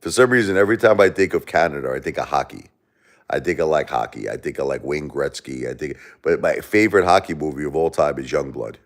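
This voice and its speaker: A man's voice: rumbling low, fast talker. A middle-aged man hosting a livestream, rambling casually and profanely while joking with his chat. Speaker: livestream host.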